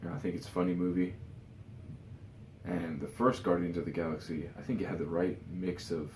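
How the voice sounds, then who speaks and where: Speaking fairly quickly in a low, level, slightly mellow voice, a worn-out vlogger meanders through casual opinions full of "you know" and false starts. The sound is reverberant with a faint hiss or hum.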